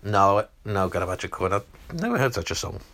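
Lively bright-voiced male quiz host. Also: fairly low pitch, brisk. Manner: animated, teasing, reads multiple-choice options. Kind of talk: reading out quiz questions.

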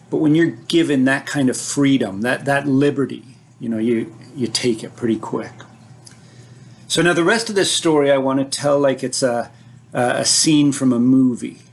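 A man telling a personal childhood story like a scene from a movie, vivid and dramatic, with frequent restarts as he builds to an excited high point.

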